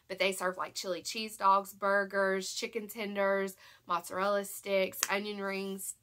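A young woman with a Southern American accent, congested from allergies, chatting excitedly and rambling through a shopping haul vlog. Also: medium pitch. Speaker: haul vlogger. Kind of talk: casual chat to camera.

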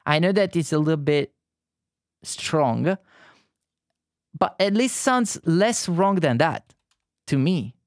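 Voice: medium pitch, lively intonation, slow pace, long pauses, no room sound, clean studio sound. Chatty streamer with a strong Neapolitan accent. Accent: Neapolitan Italian. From Naples, southern Italy. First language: Italian. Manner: chatty, talks straight to the viewers. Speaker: livestreamer. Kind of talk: casual livestream chat.

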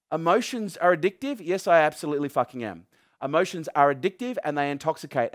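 A middle-aged man gives a punchy motivational talk to a live crowd. His voice sits a little high, and he swears for emphasis and fires questions at the room. The sound is dry and close, with almost no room echo. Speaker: motivational speaker.

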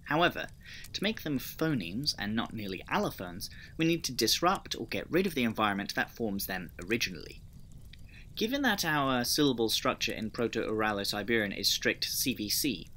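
A man's voice: mid-range voice, pushed and bright, slight background noise. A man narrating a scripted lesson on building a constructed language, methodical and explanatory, with dry personal asides. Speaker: conlang video creator.

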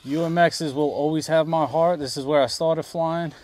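A man flies a small RC plane outdoors at a flying field and in a backyard, vlogging casually in a chatty, self-deprecating way. His voice is a little high and a little mellow, with a steady tone at normal speed.

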